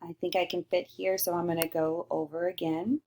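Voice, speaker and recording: A woman teacher giving a recorded lesson to young children, slowly sounding out letters and praising answers. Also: on the low side, level tone, darkish tone, a little hiss or hum. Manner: slow, sing-song and encouraging, sounding out letters.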